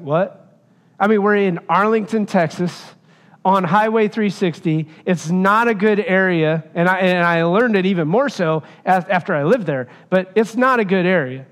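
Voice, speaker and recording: A man's voice: sits high, in a large hall. A man preaching a sermon, telling a personal story and driving home his points with emphasis. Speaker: pastor.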